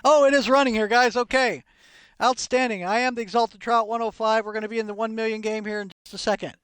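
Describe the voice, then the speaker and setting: A man hosting a live poker stream, telling stories in a rambling, profane, excitable way. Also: high-pitched, fast, clean tone, dry recording. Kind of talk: casual live stream chat.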